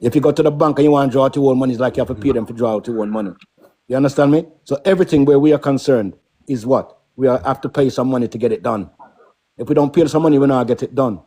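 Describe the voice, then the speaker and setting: A man's voice: mid-range voice, racing, mellow. A middle-aged man with a Caribbean accent, talking emphatically as a guest on a casual live stream, often checking in with "yeah?" and "right?".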